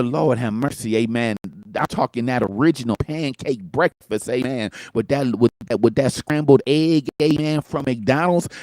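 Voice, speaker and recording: A man delivers an upbeat motivational talk in the rolling manner of a preacher, tossing in "amen" and calls to talk back. His voice sits in a middle pitch. The recording is dry and close, with no room sound. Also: a little mellow, dry recording. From Michigan. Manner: call-and-response, peppered with "amen" and "talk back to me". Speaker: motivational show host.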